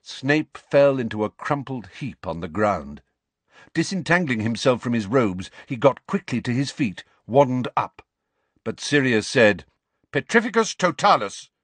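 Slow, expressive male audiobook narrator. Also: mid-range voice, slightly rough, no echo. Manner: expressive, dramatic.

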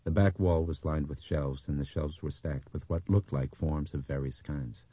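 A very deep, dark male voice with a husky grain, reading an audiobook in a measured, even way. The recording is dry and slightly dull, with no room around it. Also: no echo. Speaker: audiobook narrator. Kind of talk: audiobook narration.

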